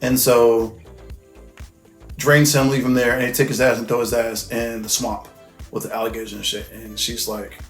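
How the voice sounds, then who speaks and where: A man's voice: mid-range voice, little pitch movement, moderate pace. Rambling man recapping a film, echoey room. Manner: loose, rambling and profane, full of "like" and "you know what I mean". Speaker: host. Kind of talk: casual movie recap. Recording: echoey room with faint music.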